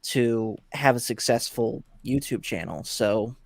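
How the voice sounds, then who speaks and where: A man who runs a YouTube channel, earnestly explaining how he got started, in a steady casual way. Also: medium pitch, unhurried, dry recording. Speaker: YouTube channel creator, guest. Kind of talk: casual live-stream storytelling.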